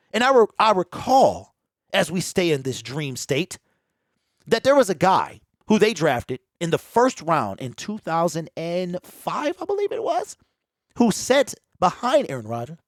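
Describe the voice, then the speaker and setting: A man whose voice sits high offers animated, preachy sports opinions by himself, using loose slang aimed right at his viewers. The home desk mic pops, but the audio has no echo and studio quality.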